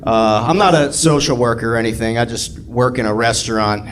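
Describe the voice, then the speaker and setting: A man doing a sardonic stand-up set, building to loud rants. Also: mid-range voice, fairly quick, slight background noise. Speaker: stand-up comedian. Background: laughing audience.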